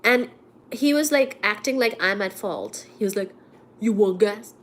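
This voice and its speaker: A woman's voice: mid-range voice, measured pace, a little hiss or hum. A woman with a cold telling a story in casual chat, chatty and indignant, acting out the people in it. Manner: chatty storyteller, animated and indignant, acts out quotes. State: sick with a cold, coughing. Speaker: vlogger. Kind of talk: casual chat to a live audience.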